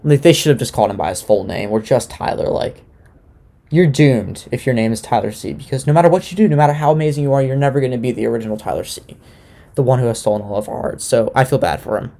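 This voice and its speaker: A man's voice: medium pitch, fast, warm tone. A young man in a casual, sarcastic chat, recapping a dating show as a podcast host, loose and swearing now and then.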